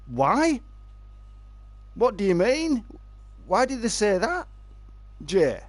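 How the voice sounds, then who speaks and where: A man on a live game stream, chatting loosely and cracking jokes at his viewers. His voice sits a little high, swings widely in pitch and moves at an unhurried pace. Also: big pitch swings, no echo. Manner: chatty and jokey, reading out and answering viewer messages. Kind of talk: casual live-stream chat while fishing in a game.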